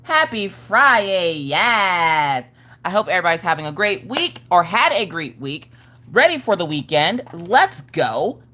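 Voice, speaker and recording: A woman's voice: lowish voice, sing-song, unhurried, sharp tone. A woman hosting a casual crafting livestream, upbeat and greeting viewers one by one by name. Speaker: livestream host.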